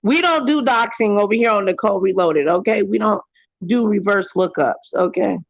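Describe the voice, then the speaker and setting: A woman talks to her livestream viewers in loose, casual chat, with animated storytelling. The audio is a bit dull and lo-fi, and the room sounds dry and close. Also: normal speed, vocal fry, no echo. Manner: animated storytelling, jumps into high voices for quotes. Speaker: livestream host.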